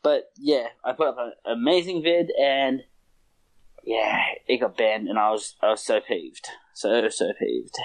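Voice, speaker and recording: A man's voice: medium pitch, measured pace, dry recording, rough recording. A man in casual chat with a friend, laughing often and acting out quotes with some swearing.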